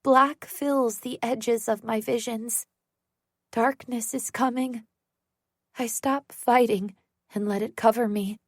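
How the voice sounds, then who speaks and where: A woman narrating a first-person psychological thriller audiobook in a tense, measured way. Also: fairly high pitch, fairly even intonation, dry recording, clean studio sound.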